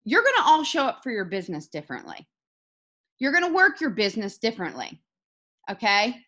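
A woman hosting a video call, giving an energetic, emphatic motivational talk to her team. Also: a little high, brisk. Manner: energetic and emphatic, rising to excited peaks.

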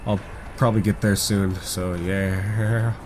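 A man doing excitable let's play commentary, rambling and swearing often. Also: fairly low pitch, takes it slowly, noisy background. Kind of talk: gameplay commentary.

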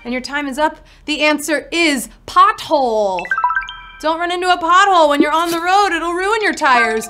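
A woman's voice: high voice, expressive, normal speed, music in the background. A woman hosting a live word game show, talking in a playful, upbeat patter full of puns.

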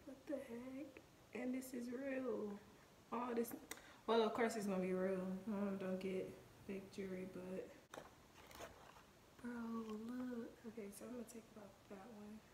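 Excited young woman vlogging at home. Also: on the high side, measured pace, long pauses. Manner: excited, chatty, addresses viewers as y'all. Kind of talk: casual vlog chat. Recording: echoey room with noticeable background noise.

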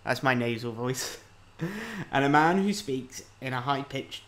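A man casually commenting on a video game as he plays, reading the on-screen text aloud and thinking out loud. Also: medium pitch, a little slow. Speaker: let's-play host.

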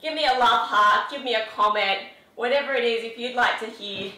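With a high-leaning, bright, forceful voice, a woman moves briskly through her instructions. She's a fitness instructor coaching a live session from her home studio, upbeat and encouraging while counting reps; the room echoes and the mic is distant.

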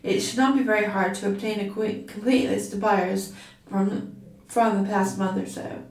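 A woman's voice: medium pitch, fairly even intonation, normal speed, gravelly, a little mellow, natural voice. Nerdy lab guy lecturing, read by a woman, roomy far mic. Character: nerdy young male lab whiz, precise and lecturing. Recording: roomy, from a distance.

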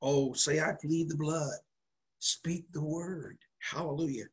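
Husky-voiced man preaching fervently. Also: on the high side, steady tone, slow pace. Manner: fervent preaching with call-and-response and hallelujahs. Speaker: pastor. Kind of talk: sermon.

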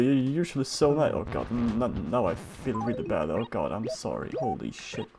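A man giving casual, playful, chatty commentary while playing a cartoon life-sim game, easily excited and swearing freely. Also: medium pitch, moderate pace, vocal fry, hardly any pauses, noisy background. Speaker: gaming streamer. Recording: game music behind.

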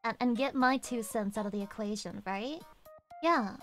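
A young woman streaming, chatting casually with her viewers and swearing with loud outbursts. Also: fairly high pitch, expressive, moderate pace, faint music behind. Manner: profane, loud outbursts, rowdy. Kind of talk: casual chat reading chat messages.

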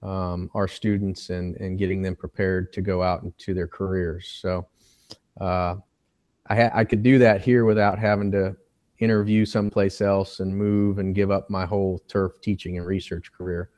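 A man, a university professor, speaking as a guest on an interview podcast in an even, plain-spoken way. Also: low-pitched, normal speed, no room sound. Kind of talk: casual interview chat.

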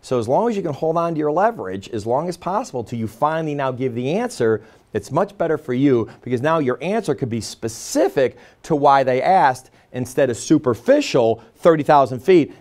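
Lively American sales trainer, man. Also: medium pitch. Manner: energetic, conversational, acts out customer dialogues. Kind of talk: motivational training talk to camera.

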